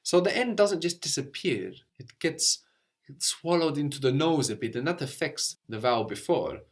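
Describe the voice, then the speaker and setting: A man's voice: on the high side, expressive, normal speed. Patient man teaching a language lesson. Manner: patient, explains step by step, often ends with "no?".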